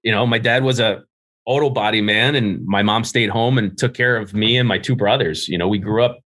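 A middle-aged man from New Jersey, guesting on a podcast, tells candid, profane stories about growing up and laughs at himself in casual interview storytelling. His voice is lowish and fairly bright, and he talks fairly quickly.

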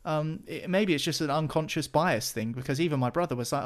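A man's voice: fairly high pitch, quick pace, hardly any pauses. A man talking football as a podcast pundit, chatty, with many restarts and fillers. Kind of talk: casual football chat.

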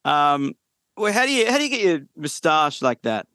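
A man from Australia hosting a podcast interview, friendly and quick to affirm his guest, over a video call. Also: fairly high pitch, very animated, bright, forceful tone, clear, resonant tone, no room sound. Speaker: podcast host. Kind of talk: casual interview.

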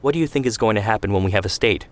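A man's voice: lowish voice, very fast, natural voice. A man reading the lines of a bookish young man who argues in a reasoned way in an audio story. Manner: reasoned, retorting. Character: bookish young man, level-headed planner.

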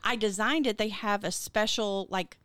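A woman's voice: medium pitch, steady tone, moderate pace, a bit bright, dry recording. Chatty podcast-host woman, dry mic. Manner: chatty, laughs often, trails off mid-sentence. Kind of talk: casual chat.

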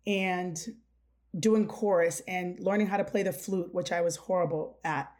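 A woman's voice: lowish voice, steady tone, a little slow, darkish tone. A middle-aged woman hosting a podcast, telling a childhood story candidly and acting out the quotes. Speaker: podcast host. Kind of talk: casual storytelling chat.

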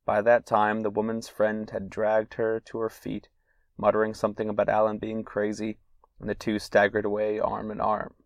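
A man's voice: lowish voice, monotone, normal speed, vocal fry, no echo. A man hosting a solo podcast, reading old letters and anecdotes aloud with casual asides and fillers. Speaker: podcast host.

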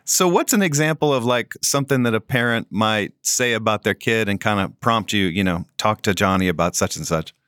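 A man's voice: on the low side, fairly quick, hardly any pauses, a bit bright, smooth, no room sound. Curious male interviewer, dry sound. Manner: curious, prodding follow-up questions. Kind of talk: casual interview questions.

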